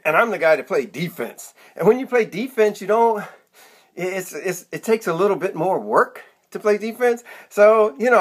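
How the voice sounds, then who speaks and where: A man in his sixties with a high-pitched, slightly rough voice delivers a rambling comic monologue to camera. This comedic vlogger is chatty and self-mocking, drifting into side stories.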